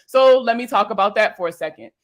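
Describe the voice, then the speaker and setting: A woman's voice: medium pitch, fast talker. A young woman, a finance creator, reacting to viewer comments in casual talk, blunt and exasperated, swearing and firing off rhetorical questions.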